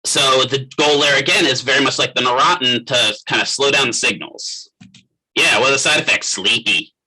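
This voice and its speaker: Husky middle-aged male instructor, very bright tone, casual classroom lecturing, quizzes students. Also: medium pitch, normal speed, rough recording. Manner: conversational, quizzes the class by name. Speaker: physical therapist assistant instructor.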